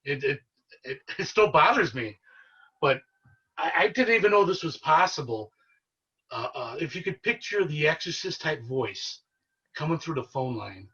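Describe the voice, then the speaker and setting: A man, a paranormal investigator, telling his story as a podcast guest in an earnest, excitable way. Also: fairly high pitch, moderate pace, breathy edge, far from the mic, lo-fi sound. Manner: earnest, excitable storyteller who relives events. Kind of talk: casual storytelling interview.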